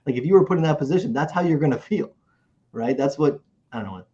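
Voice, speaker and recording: A man co-hosting a show in casual chat, talking in an animated way, often restarting and repeating himself. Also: a little high, fast talker. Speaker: podcast co-host. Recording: muffled lo-fi recording.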